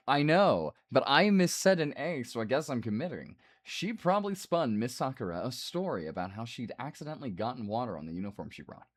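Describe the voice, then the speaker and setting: Guy streaming a game, reads the lines out loud, voice jumps around a lot, chats in between. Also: medium pitch. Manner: reads the game's lines aloud with asides. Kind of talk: game playthrough reading dialogue aloud.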